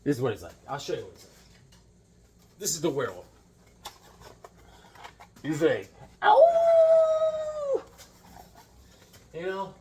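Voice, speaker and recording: A man's voice: mid-range voice, big pitch swings, moderate pace, pauses often, background noise. A man chatting casually and enthusiastically about his comic finds, rambling and joking as he goes. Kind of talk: casual chat.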